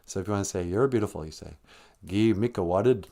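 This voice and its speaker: Talking fast in a low, dark voice, a man hosts a comedy-style live-stream Ojibwe lesson, bluntly and chattily teasing a make-believe caller.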